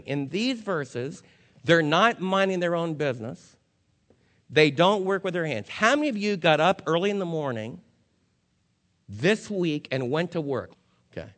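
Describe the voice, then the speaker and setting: A male pastor preaching a sermon, firing rhetorical questions at the congregation and swinging from loud emphasis to low, somber warnings. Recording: long hall reverb.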